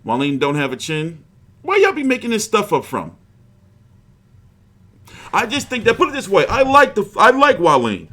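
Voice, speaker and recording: A man's voice: high-pitched, huge pitch swings, moderate pace, pauses often, bright, forceful tone. A man hosting a boxing livestream, chatting casually in a rambling, profane, frustrated way.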